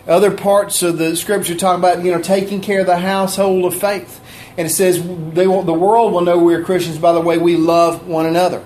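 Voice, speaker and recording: A man preaching a sermon in a folksy, conversational way, with asides to people in the room and his pitch rising and falling for emphasis. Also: level tone, a little fast, a little mellow, slight background noise. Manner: pitch rises and drops for emphasis. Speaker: pastor.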